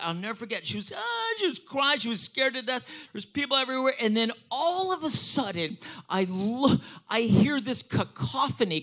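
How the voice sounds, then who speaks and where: High, lively, profane storytelling man. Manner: profane, animated, excitable storyteller. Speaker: comedian. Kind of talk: stand-up storytelling.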